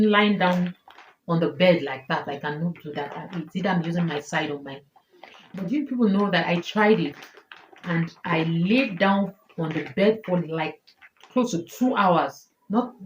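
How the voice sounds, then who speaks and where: A woman in her thirties with a Nigerian accent, talking emotionally and repeating herself as she tells viewers about her health in a personal vlog. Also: fairly low pitch. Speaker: vlogger. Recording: echoey room, faint noise.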